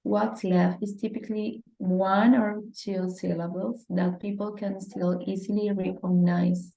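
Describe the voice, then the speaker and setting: Gravelly-voiced woman reading aloud. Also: mid-range voice, level tone, unhurried, dark tone, poor audio. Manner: reads a definition aloud carefully. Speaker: student.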